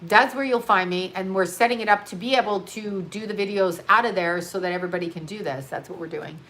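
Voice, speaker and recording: A woman's voice: medium pitch, quick pace, fairly bright tone. A woman hosting a casual livestream as an astrologer, rambling and blunt, swearing freely and tired after a long day of readings. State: tired, yawning. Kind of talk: casual livestream chat reading viewer comments. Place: her home studio.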